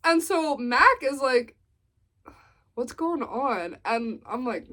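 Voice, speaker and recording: Slow-talking young woman telling a story. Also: fairly high pitch. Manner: animated storytelling, acts out quotes. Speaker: vlogger. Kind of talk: storytime vlog.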